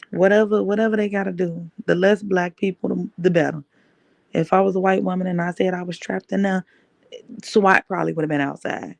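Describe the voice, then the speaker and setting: A woman's voice: fairly low pitch, gravelly, a little mellow, no echo. A woman podcast host telling a personal story in an emphatic way, repeating key phrases.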